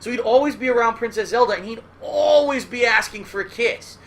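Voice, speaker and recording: High, bright-voiced man ranting casually. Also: a little fast, gravelly. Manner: rambling, profane, keeps tagging "all right?". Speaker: host. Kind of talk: casual retrospective commentary.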